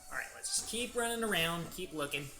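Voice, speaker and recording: A man's voice: fairly high pitch, expressive, a little fast, pushed and bright. A man casually commenting as he plays a video game, chatting aside to a little child now and then. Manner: chatty, talks to his baby and the game. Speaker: gaming channel host. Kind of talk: casual let's-play commentary.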